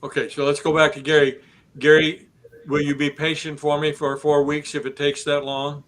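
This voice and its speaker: A man hosting a business podcast, explaining the steps of a business purchase in a steady, methodical way. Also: on the high side, normal speed, low-quality recording. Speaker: host.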